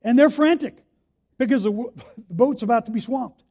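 A man preaching a sermon, telling the story vividly and swinging between hushed and loud delivery. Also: extremely high pitch, moderate pace. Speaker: pastor.

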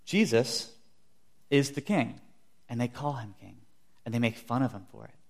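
A young man preaches a sermon earnestly, telling stories and acting out the quotes he shares. His mid-range voice is gravelly and expressive, delivered at a moderate pace.

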